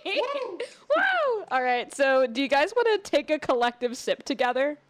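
Woman, podcast host, casual chat, bubbly, upbeat, lively swooping pitch. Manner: bubbly, upbeat, quick reactions.

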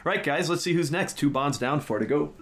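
A man hosting a podcast, chatting in a quick, playful, argumentative way. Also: fairly high pitch, expressive, background noise. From lives in Scotland. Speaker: podcast host. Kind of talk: casual chat.

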